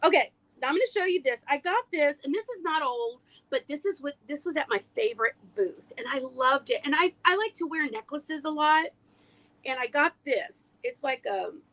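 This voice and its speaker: A woman's voice: sits high, lively intonation, moderate pace, sharp tone. A woman hosting a casual vintage haul livestream, a chatty storyteller who laughs often, on a webcam. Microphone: webcam on a video streaming app.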